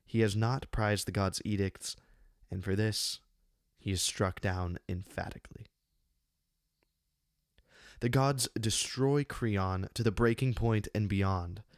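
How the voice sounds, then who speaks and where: A man reading his own essay on a classic play, measured and deliberate, with slow emphatic pauses, close to a studio microphone. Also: fairly low pitch, dry recording. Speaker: channel host giving a literary analysis.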